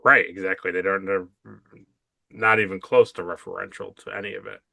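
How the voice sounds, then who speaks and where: Lively man recapping an episode, bright voice. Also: low voice, gravelly, no echo, studio quality. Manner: animated, acts out characters' lines in quick impressions. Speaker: podcast co-host. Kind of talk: casual chat recapping a TV episode.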